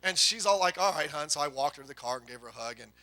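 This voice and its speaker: A middle-aged man preaching a sermon to a congregation, telling folksy family stories with quick asides. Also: mid-range voice, lively intonation, sharp tone. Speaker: pastor.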